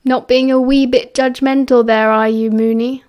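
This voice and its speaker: A woman's voice: high voice, moderate pace, a little mellow, natural voice. A woman with a British accent voicing a cheerful, teasing teenage schoolboy wizard who talks in a breezy, chatty way. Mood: cheery teasing.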